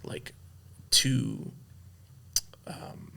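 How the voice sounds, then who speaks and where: A man in his thirties, a pastor and podcast guest, telling a personal story in a soft-spoken, halting way with many restarts, emotional and choked up. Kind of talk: candid conversational storytelling.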